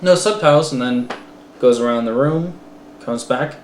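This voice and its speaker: A man's voice: mid-range voice, normal speed. Man, casual movie review, rambling, lots of fillers and restarts, roomy echo, faint background noise. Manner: rambling, many fillers and self-corrections. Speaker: student film reviewer.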